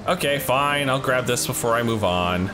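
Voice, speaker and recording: A man hosting a let's play, chatting excitedly while he plays. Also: mid-range voice, normal speed. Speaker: gaming channel host. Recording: game music behind.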